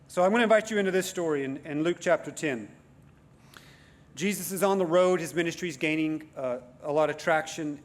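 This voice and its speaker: A man preaching a sermon to a congregation in a conversational, self-deprecating way, with frequent restarts and fillers. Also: fairly high pitch. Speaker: guest preacher.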